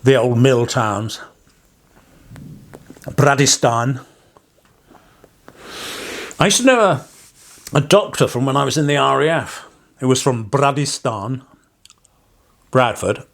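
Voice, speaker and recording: An English parson chats casually to his viewers, drifting from one story to the next. His wry asides often end in a chuckle. His voice sits at an ordinary middle pitch. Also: expressive, normal speed, gravelly, long pauses. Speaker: parson and vlogger. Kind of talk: casual rambling vlog monologue.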